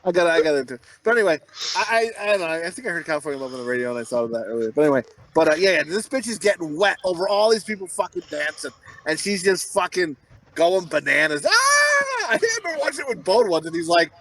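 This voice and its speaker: This comedy podcast co-host talks fast in a slightly high, fairly bright and animated voice, with slight background noise. He's rambling and profane, and his crude stories come with plenty of laughter.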